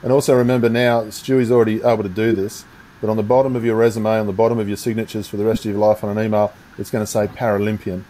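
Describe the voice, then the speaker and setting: A man's voice: fairly low pitch, little pitch movement, racing, mellow, slight background noise, rough recording. An Australian man hosting a casual interview, joking around and encouraging his guests. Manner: jokey and encouraging. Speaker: interview host.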